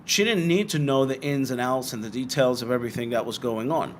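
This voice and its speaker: A man's voice: medium pitch, fairly quick, a little hiss or hum. Blunt, swearing young man host. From Britain. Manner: blunt, swearing, animated asides. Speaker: bitcoin livestream host. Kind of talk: casual livestream chat answering viewer questions.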